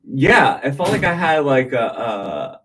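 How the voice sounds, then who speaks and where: A man's voice: mid-range voice, big pitch swings, measured pace, a bit bright, recorded from a distance, slight background noise. A man in casual small talk who rambles, hesitates often and laughs. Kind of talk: casual chat.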